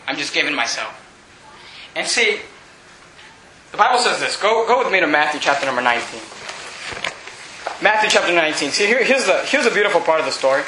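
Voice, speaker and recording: A male preacher giving an impassioned, emphatic sermon, often breaking into shouts. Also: sits high, background noise. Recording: very echoey church hall.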